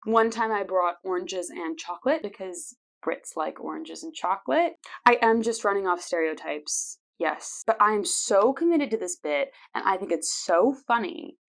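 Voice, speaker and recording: A woman's voice: medium pitch, expressive, moderate pace, creaky. A woman in her twenties, hosting her own show and playfully telling personal stories with frequent laughs. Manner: chatty and playful, laughs often. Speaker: podcast host. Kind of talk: casual personal storytelling.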